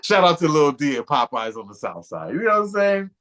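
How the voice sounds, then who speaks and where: A man's voice: on the high side, big pitch swings, brisk, a bit bright. A man co-hosting a podcast, telling long, slangy, profane anecdotes in casual chat. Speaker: podcast co-host.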